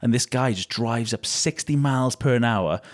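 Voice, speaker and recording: A young man from the UK, a guest on an interview show, telling stories in animated casual chat with laughs. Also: mid-range voice, moderate pace. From United Kingdom. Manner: storytelling, animated retellings with laughs.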